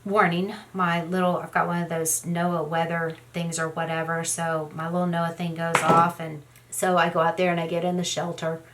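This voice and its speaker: A woman's voice: on the low side, level tone, normal speed, hardly any pauses, very noisy. A middle-aged woman tells a story in a casual, rambling way while doing her makeup, with many "you know" fillers. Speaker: beauty vlogger.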